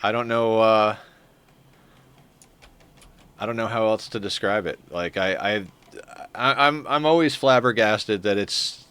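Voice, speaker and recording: A man's voice: lowish voice, a little slow, long pauses, fairly bright tone, clear, resonant tone. A man chatting casually on a live game stream, rambling and easily flustered. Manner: rambling, flustered, self-deprecating. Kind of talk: casual live-stream chat while playing.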